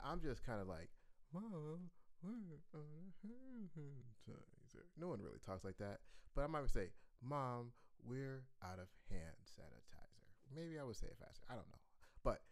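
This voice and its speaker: Animated male music teacher. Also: mid-range voice. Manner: animated, playful, chanting rhythms. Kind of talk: online music lesson.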